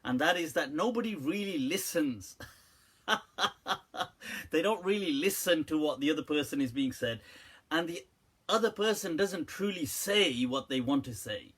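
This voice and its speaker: A man's voice: on the high side, lively intonation, normal speed, pauses often, fairly bright tone, husky. A man, a religious teacher, giving an informal question-and-answer talk, telling anecdotes with frequent laughter and quoting poetry. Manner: anecdotal, laughs often, quotes Urdu poetry.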